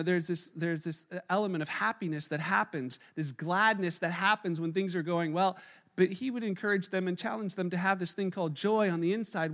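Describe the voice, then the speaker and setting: A pastor giving a conversational, animated sermon, often acting out the people in his stories. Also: high-pitched.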